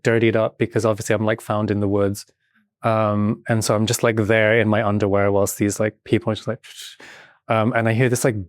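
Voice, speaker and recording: Playful, animated British man. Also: lowish voice, no room sound, clean studio sound. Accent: British English. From Britain. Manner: animated and playful, often laughing, many filler words. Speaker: podcast guest, movement artist. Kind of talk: casual chat.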